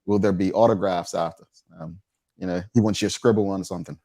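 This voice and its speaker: Brief: deep-voiced man hosting a studio talk show, animated and stammering, dry close sound. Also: quick pace, vocal fry, no echo. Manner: animated, stammering restarts, jumps high in pitch when excited. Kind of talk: casual studio banter.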